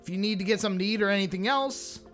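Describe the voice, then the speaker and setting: A man's voice: sits high, rapid-fire, fairly bright tone, faint music behind. Playful man chatting live with his stream. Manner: chatty, playful, talks straight to his chat. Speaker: streamer reacting to videos. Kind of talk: casual live-stream chat.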